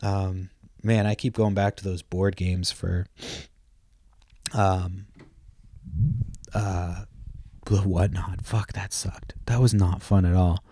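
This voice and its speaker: Low-voiced man rambling on a podcast. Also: level tone, slow pace, pauses often, dark tone, dry recording. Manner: profane, storytelling, lots of restarts and fillers; laughs at his own stories. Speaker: podcast host. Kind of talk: rambling casual chat.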